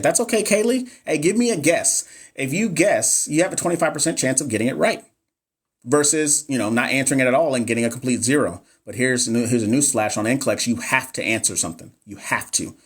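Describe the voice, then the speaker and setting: A man running a live nursing exam review, chatty and animated, reading questions aloud and talking to viewers in the chat. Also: medium pitch, breathy edge. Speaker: NCLEX review coach.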